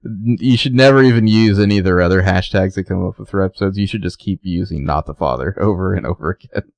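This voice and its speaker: A man's voice: low voice, steady tone, fast, creaky, a little mellow, no echo. A man co-hosting a casual chat, recapping a TV episode and acting out the characters' lines. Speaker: podcast co-host recapping a TV episode.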